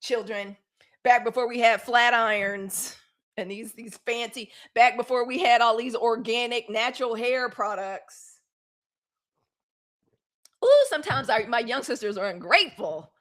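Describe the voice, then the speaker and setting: A woman's voice: fairly high pitch, measured pace, a bit bright. A woman in her fifties from Mississippi with a Southern accent, hosting a casual live news stream and chatting straight to her viewers. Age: 50s. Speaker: live news show host.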